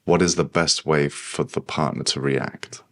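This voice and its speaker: A man's voice: rumbling low, fairly even intonation, normal speed, fairly bright tone. A man co-hosting a podcast, talking casually, supportive and prompting but blunt. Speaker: podcast co-host. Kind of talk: casual chat.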